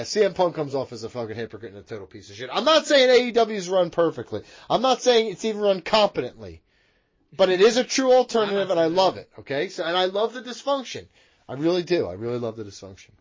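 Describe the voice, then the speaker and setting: A man co-hosting a wrestling podcast, talking in rambling, excitable banter and swearing a lot. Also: high-pitched, a little fast, lo-fi sound. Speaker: podcast co-host. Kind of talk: casual profane wrestling banter.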